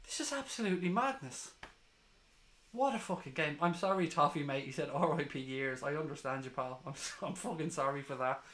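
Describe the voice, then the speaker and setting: Hoarse guy screaming about his team winning, bright forceful voice, echoey room, swears constantly. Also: on the high side, fairly quick, hardly any pauses. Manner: ecstatic, sweary, reading chat aloud. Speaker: fan watchalong streamer. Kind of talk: live football watchalong chat.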